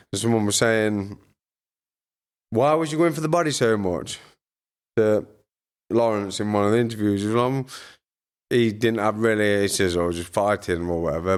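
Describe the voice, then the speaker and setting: Low-voiced man telling laughing stories. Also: clear, resonant tone. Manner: chatty, crude, laughs through his stories. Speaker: podcast guest, former pro boxer. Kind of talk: casual storytelling chat.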